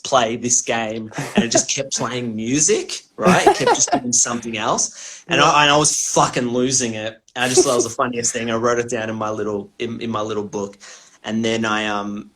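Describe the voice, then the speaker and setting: A man's voice: medium pitch, a bit bright. A man, a comedian guest on a podcast, telling rambling anecdotes with laughs and swearing. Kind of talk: casual storytelling.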